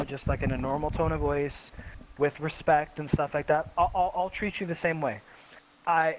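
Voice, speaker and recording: A man hosting a casual chat, talking emphatically and repeating himself as he reflects. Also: fairly high pitch. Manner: emphatic, repetitive self-reflection. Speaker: host. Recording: dull lo-fi sound with faint hiss.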